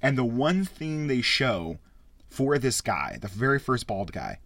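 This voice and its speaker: A man hosting a casual spoken film review, rambling and excitable, with frequent swearing. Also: mid-range voice, measured pace, no room sound. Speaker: podcast host reviewing a film.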